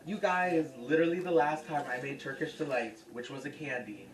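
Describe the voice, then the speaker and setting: A cooking show host chatting casually and profanely in a home kitchen, projecting loudly toward a camera's built-in microphone. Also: mid-range voice, moderate pace. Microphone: camera's built-in mic. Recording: echoey room, distant camera mic, music.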